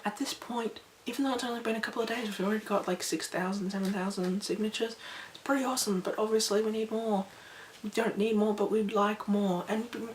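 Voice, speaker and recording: A woman vlogging to her viewers in a chatty, rambling, animated way. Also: mid-range voice, a little fast, few pauses. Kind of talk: casual talk to camera. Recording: echoey room, faint background noise.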